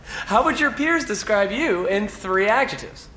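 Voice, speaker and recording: Lively off-camera woman interviewer. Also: mid-range voice, a little slow, slight background noise. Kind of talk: upbeat rapid-fire questioning.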